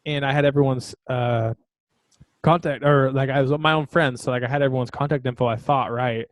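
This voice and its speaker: A man's voice: medium pitch, steady tone, fairly quick, no room sound. Laughing man telling a story. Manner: storytelling with frequent laughs and fillers. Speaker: podcast co-host. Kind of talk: casual chat.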